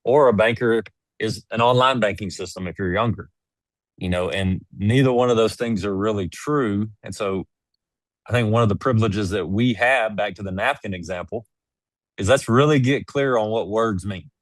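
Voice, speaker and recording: Low-voiced man, emphatic and dry. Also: normal speed, no echo. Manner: emphatic, preachy storytelling. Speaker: guest. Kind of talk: casual interview conversation.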